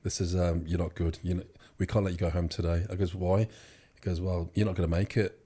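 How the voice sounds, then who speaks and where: A young man speaks at a quick pace in a low, mellow, breathy voice with little pitch movement. He's an interview guest rambling casually through his story, often restarting and using fillers.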